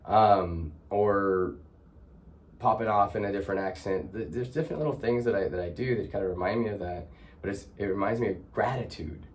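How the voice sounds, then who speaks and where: A man's voice: lowish voice, fairly quick, a little hiss or hum. A man hosting a heartfelt conversation, talking in a reflective, searching way with many restarts. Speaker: host.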